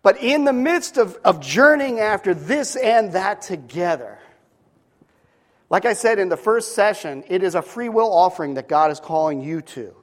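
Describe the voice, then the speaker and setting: A man's voice: high voice, animated, moderate pace. A man preaching a sermon, earnest and emphatic, telling stories in between.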